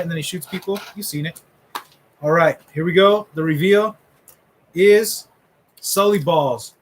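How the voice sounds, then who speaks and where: A man's voice: a little high, normal speed, slight background noise, low-quality recording. A middle-aged man hosting a live fantasy football draft order reveal, rambling and joking with friends. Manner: joking, rambling trash talk. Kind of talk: casual live commentary.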